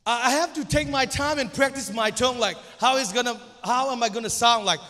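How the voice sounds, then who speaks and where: A man's voice: very high voice, a little fast, sharp tone, in a large hall. A young man whose first language is Zomi, preaching as guest pastor in English, hesitant, with many stumbles and restarts. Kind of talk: church sermon.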